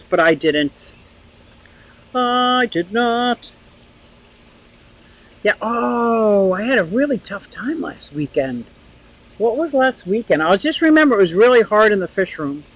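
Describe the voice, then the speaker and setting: A woman's voice: on the low side, rough recording. Chatty older woman streaming by a pond. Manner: chatty, laughs often, reads out viewer comments. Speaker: livestream host. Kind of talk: casual live chat. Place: outdoors by a pond.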